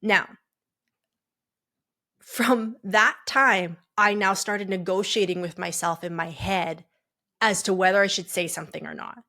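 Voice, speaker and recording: A woman's voice: medium pitch, steady tone, a little slow, long pauses, bright, forceful tone. Woman, podcast host, coach, candid, chatty, storytelling, many restarts. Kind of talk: personal storytelling monologue.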